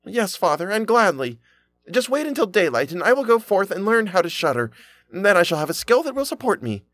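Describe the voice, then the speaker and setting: A man's voice: sits high, big pitch swings, brisk, fairly bright tone, no echo, studio quality, soft background music, pitched above the performer's own voice, full character voice. A man voicing a simple-minded, fearless young lad with an earnest, stammering way of talking.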